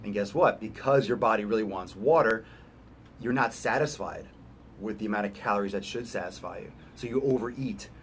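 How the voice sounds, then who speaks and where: Over a faint hiss or hum, a man with a lowish voice coaches on fitness in an informal way. He hammers his points home through repetition, asks the listener questions, and slips into quick voices.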